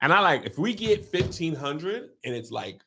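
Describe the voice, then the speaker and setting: A comedian chatting with a colleague in a relaxed, offhand way. His pitch moves freely and sits a little high for a man. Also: normal speed, a little hiss or hum. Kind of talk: casual chat.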